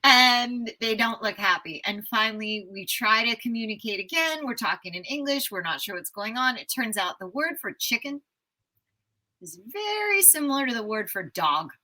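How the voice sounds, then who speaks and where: A woman's voice: a little high, moderate pace, low-quality recording. An enthusiastic American woman in her fifties, a travel writer telling stories as an interview guest. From United States. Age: 50s. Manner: enthusiastic, animated storyteller. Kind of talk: casual storytelling interview.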